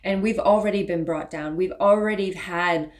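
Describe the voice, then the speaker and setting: A woman's voice: lowish voice, normal speed. A woman talks her viewers through a spiritual tarot reading in a loose, casual way. She sounds earnest and now and then pleading, with plenty of fillers and restarts. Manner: earnest, pleading, gets emotional at times. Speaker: tarot reader and spiritual channel.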